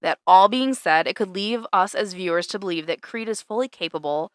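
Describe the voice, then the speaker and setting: A woman's voice: medium pitch, fairly quick, dry recording, studio quality. A young woman co-hosting a podcast in a laid-back, casual chat, swearing and laughing easily. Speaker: podcast co-host.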